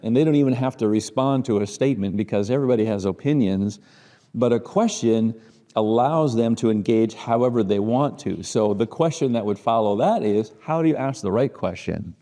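Middle-aged Midwestern man leading a church class, mellow tone, casual teaching that is full of rhetorical questions, long hall reverb. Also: mid-range voice, moderate pace. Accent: Midwestern American. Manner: conversational, rhetorical questions, frequent restarts.

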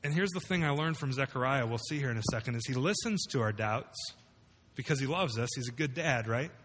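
A man's voice: mid-range voice, animated, brisk, fairly bright tone, big-room sound, a little hiss or hum. A man preaching a sermon to a room of listeners, conversational and full of rhetorical questions. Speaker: pastor. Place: large room with congregation.

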